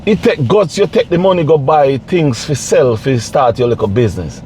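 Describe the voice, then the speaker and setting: A man's voice: mid-range voice, animated, moderate pace, warm tone, a little hiss or hum. A man giving casual, pleading commentary to camera, repeating himself and preaching. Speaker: vlogger.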